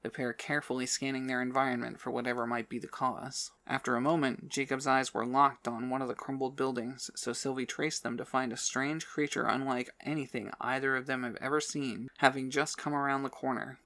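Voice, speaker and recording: Brief: male audiobook narrator, steady, mid-pitched storytelling. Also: fairly quick, hardly any pauses. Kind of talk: scripted narration.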